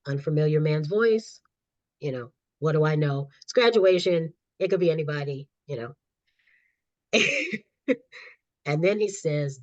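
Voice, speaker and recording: A woman's voice: low-pitched, a little slow, long pauses, dry recording. A middle-aged woman, a guest author and counselor, telling her own story animatedly in a podcast interview and laughing often. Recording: slightly dull lo-fi audio.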